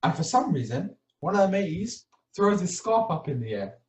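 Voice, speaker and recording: A man's voice: sits high, normal speed, a little hiss or hum. A young man telling a story casually on a podcast, acting out the scenes and tagging his lines with "yeah?". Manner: animated, acts out scenes, tags lines with "yeah?". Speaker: podcast co-host. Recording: roomy sound, mic at a distance.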